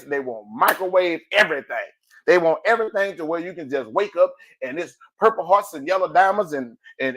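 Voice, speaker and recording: Fired-up preachy male podcast host. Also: noisy background. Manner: preachy, exclaims "ooh", big swings in pitch and volume; colloquial, addresses listeners as family. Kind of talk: motivational monologue.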